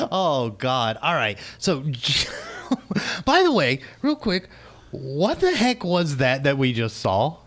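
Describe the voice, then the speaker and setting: Male radio host, fairly high voice, very animated pitch, teasing playful talk. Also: takes it slowly, slight background noise.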